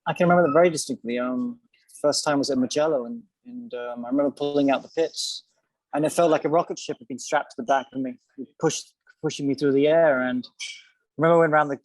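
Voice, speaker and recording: A man's voice: medium pitch, no echo, low-quality recording. A man who once raced, chatting loosely on a video call panel, rambling with fillers and restarts. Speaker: F1 presenter and former racing driver. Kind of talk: casual panel chat over video call.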